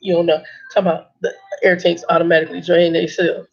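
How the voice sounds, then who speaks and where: Gravelly, husky woman trucker telling stories. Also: fairly low pitch, fast. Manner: sarcastic, blunt, animated storytelling. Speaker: truck driver. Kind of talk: casual vlog storytelling. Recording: dull lo-fi recording.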